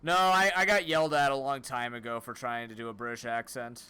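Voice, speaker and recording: A man streaming a video game, talking in a rambling, animated, self-mocking way. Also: medium pitch, brisk, clean tone. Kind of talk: casual let's-play commentary.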